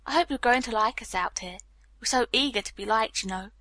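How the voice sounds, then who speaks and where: A woman reading the lines of a lively, teasing young Californian woman in an audiobook, with a light, slightly wistful manner. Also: fairly high pitch, brisk, no room sound.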